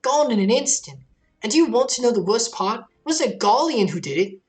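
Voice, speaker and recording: A woman reading video game dialogue aloud as a shaken young woman warrior, in an earnest, halting delivery. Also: fairly high pitch, big pitch swings. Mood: somber.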